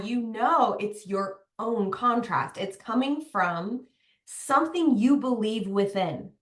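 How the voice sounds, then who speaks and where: Young woman, candid mom coach, chatty and emphatic; unhurried delivery, roomy echo. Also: medium pitch, bright, forceful tone. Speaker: mom coach, podcast host. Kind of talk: motivational talk to mothers. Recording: echoey room.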